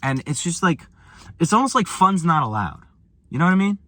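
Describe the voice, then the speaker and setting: A man's voice: a little fast, no room sound. A young American man telling travel stories and ranting about boredom in a loose, slangy vlog style. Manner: animated, slangy, swings from low mumbles to high exclamations. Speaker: vlogger. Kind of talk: casual storytelling rant.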